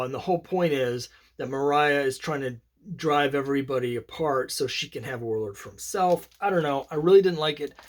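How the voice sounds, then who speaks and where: A man casually talking through his comic collection, rambling and opinionated, with many fillers and restarts. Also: mid-range voice. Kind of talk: casual solo commentary.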